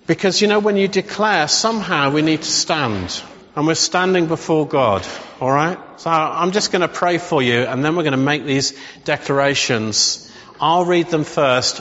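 Earnest pastor in a reverberant hall. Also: male voice, a little high, a bit bright. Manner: earnest, encouraging, leads declarations. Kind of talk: sermon with congregational prayer. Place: church hall. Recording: dull sound with long hall reverb.

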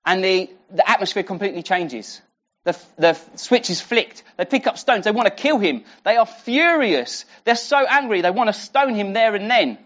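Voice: medium pitch, lively intonation, moderate pace, fairly bright tone. Conversational preacher on a dull lo-fi recording. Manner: conversational, with frequent restarts and rhetorical questions. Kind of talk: sermon teaching a Bible passage.

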